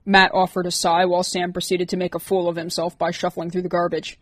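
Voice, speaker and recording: A woman narrating an audiobook chapter in a steady, even way. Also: on the low side, quick pace, few pauses, dry recording. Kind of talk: reading a novel aloud.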